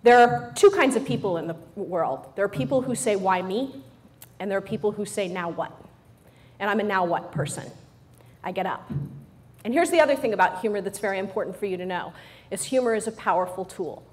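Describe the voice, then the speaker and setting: A woman's voice: mid-range voice, lively intonation, fairly quick. Playful, joking middle-aged woman speaker. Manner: playful and joking, with frequent "right?" asides to the audience. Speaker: motivational speaker. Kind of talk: humorous motivational talk to a live audience.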